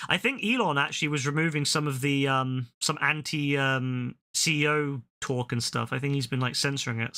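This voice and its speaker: Bright, fired-up young male streamer. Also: on the high side. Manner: ranting, profane, repeats himself. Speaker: game streamer. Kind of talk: casual live-stream chat.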